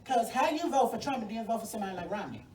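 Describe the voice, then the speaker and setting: A woman's voice: a little high, expressive, racing, darkish tone, distant mic, slight background noise. A woman, a congressional candidate giving a sassy, folksy, fired-up campaign speech at a forum. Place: venue hall at a forum. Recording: echoey room, mic from afar.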